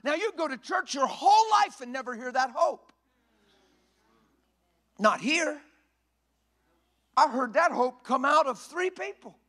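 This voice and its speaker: High-voiced, fiery male preacher. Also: expressive, a little slow, long pauses. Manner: emphatic and folksy, often rising to a shout. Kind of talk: sermon. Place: church.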